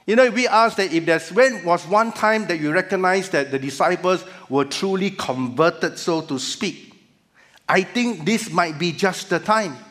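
A man preaching a sermon as pastor, measured with emphatic rises. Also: high-pitched, fairly bright tone. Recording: church hall reverb.

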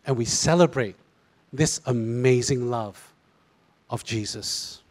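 A middle-aged pastor with a Singaporean English accent, preaching a sermon and acting out quoted voices. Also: male voice, mid-range voice, slow pace. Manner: animated, mimics voices in asides.

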